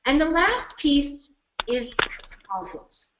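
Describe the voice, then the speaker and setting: A woman coaching presenters in a webinar from her computer, speaking energetically and with emphasis, shifting her speed and loudness to show each point. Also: a little high, animated, unhurried, reverberant, slight background noise, rough recording. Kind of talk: instructional webinar workshop. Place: at her computer on a web call.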